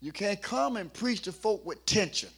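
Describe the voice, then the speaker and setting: A man preaching a sermon in a humorous, playful way, coaxing the congregation and building up to shouts at his peaks. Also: high-pitched, expressive, normal speed, creaky, slightly rough. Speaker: pastor.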